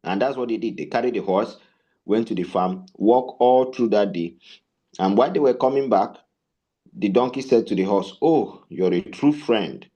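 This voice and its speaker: A man's voice: lowish voice, normal speed, dull audio. A man leading a tech sales bootcamp, telling stories and asking rhetorical questions as he teaches. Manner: animated, storytelling with rhetorical questions. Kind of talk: bootcamp lecture with storytelling.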